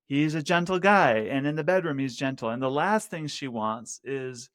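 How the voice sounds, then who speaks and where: A man hosting a podcast who tells stories in a relaxed way and keeps the talk going with frequent short agreements. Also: medium pitch, moderate pace, no room sound, clean studio sound. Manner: relaxed storyteller, backs the guest with frequent "uh-huh"s. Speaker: podcast host. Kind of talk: conversational podcast interview.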